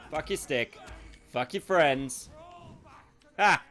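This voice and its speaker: Sweary streamer, sarcastic banter. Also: male voice, fairly high pitch, animated, extremely slow, fairly bright tone, soft background music. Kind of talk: live game streaming commentary.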